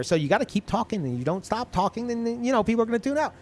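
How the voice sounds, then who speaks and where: Male streamer, loose and profane, rambling casual chat, pitch swings around a lot. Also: sing-song, rapid-fire, few pauses. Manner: rambling, swearing, restarts sentences often. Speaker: livestreamer. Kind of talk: casual chat to a live audience.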